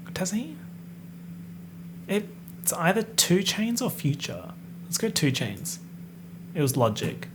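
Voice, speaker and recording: A man hosting a casual solo podcast, chatting and guessing out loud as he reads and half-sings song lyrics. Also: mid-range voice, slight background noise. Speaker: podcast host. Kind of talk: casual solo podcast, pop music quiz.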